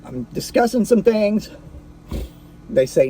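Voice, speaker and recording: A man's voice: high voice, lively intonation, slow, pauses often, dark tone, slight background noise. A man telling a personal story in a casual, profane way, full of restarts and fillers.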